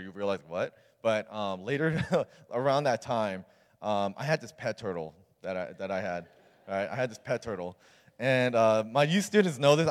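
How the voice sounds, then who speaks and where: A young man, a youth pastor, telling a personal story in a sermon in a casual, earnest way with many fillers. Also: mid-range voice. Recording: long reverb of a large hall.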